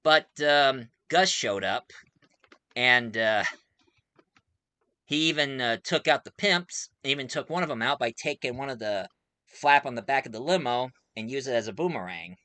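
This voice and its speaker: A man's voice: mid-range voice, lively intonation, moderate pace, bright, forceful tone, no room sound. A man reviewing a movie in a casual, rambling way, full of fillers and frequent chuckles.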